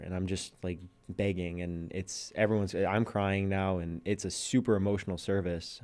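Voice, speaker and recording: A man's voice: sits low, moderate pace. A young man, a podcast guest, telling a personal story in casual chat and acting out what people said. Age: young adult. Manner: animated storyteller, acts out quotes.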